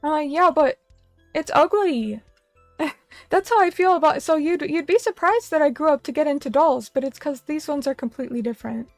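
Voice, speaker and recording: A fairly quick, high voice with a darkish tone belongs to a young woman streaming as a vtuber, recorded without echo over soft background music. At a little table in a small room, she casually chats and reads viewer comments in a rambling, self-deprecating manner.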